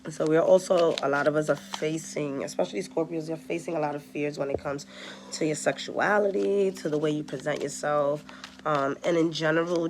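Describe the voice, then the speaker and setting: A woman's voice: sits low, a little mellow, slight background noise. A woman giving a casual tarot reading, chatty and direct, talking straight to her viewers. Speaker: tarot reader.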